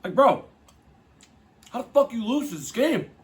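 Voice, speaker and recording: A man's voice: very high-pitched, big pitch swings, unhurried. A young man hosting a casual football podcast, ranting in an exasperated, profane, emphatic way. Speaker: podcast host. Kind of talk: casual sports podcast rant.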